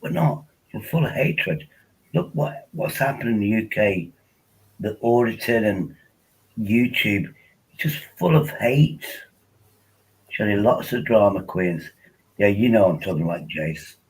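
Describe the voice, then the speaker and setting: A man's voice: fairly low pitch, expressive, a little slow, long pauses, slightly rough, poor audio. A man hosting a casual livestream, rambling and joking while tipsy on wine, often repeating himself. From England. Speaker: livestream host.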